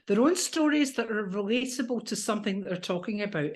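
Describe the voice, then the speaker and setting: A woman with a British accent, a coach teaching presentation skills, animated and demonstrating voice exercises. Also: mid-range voice, a little fast. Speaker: NLP coach and trainer.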